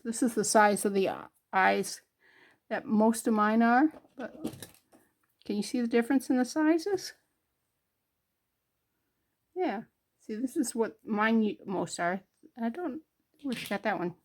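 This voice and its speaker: A middle-aged woman from northern New York, hosting a jewelry crafting vlog in a homey, rambling way with many fillers. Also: fairly high pitch. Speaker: jewelry crafting channel host.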